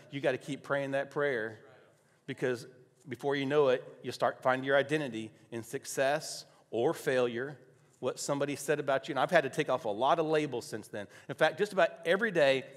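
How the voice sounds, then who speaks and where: A male pastor preaching a sermon, telling a personal story softly and then rising to loud, emphatic declarations. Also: medium pitch. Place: church sanctuary. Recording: long hall reverb.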